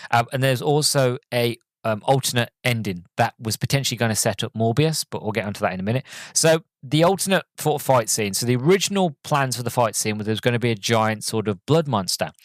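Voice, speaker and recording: Rambling podcast host. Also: male voice, on the low side, no room sound. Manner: rambling, filler-heavy, self-correcting. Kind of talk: casual film review.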